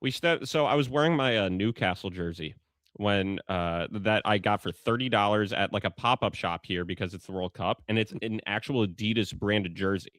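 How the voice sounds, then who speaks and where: A man's voice: lowish voice, normal speed, a bit bright, dry recording, studio quality. An American man co-hosting a casual sports podcast, telling stories with lots of restarts. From United States. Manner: rambling storyteller with many restarts. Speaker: podcast co-host.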